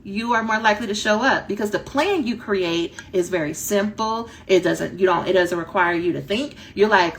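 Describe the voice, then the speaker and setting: A woman dissertation coach giving a direct, animated talk that acts out her students' inner voices. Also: mid-range voice, moderate pace, hardly any pauses, a little hiss or hum.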